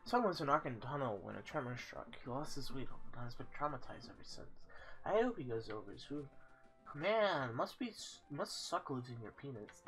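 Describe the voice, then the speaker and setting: A man narrates his video game session in a casual, joking way and reads the on-screen text aloud. His voice is bright and very animated, rising and falling constantly. Faint game music plays underneath. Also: medium pitch, normal speed. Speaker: let's play host. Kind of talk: casual gameplay commentary.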